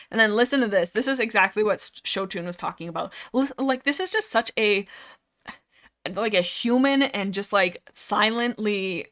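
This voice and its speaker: A woman chats on a casual livestream, gushing about a book series she loves. Her talk rambles, full of fillers and quick restarts. Now and then she slows down to read a passage aloud before jumping back into her own comments. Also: medium pitch, lively intonation, a bit bright.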